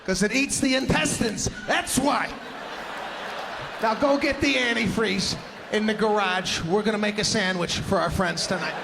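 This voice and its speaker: A man voicing his hot-tempered old-world immigrant father, loud and blunt. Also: high-pitched, moderate pace, vocal fry, crowd noise, background noise, voice pushed up. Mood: fierce.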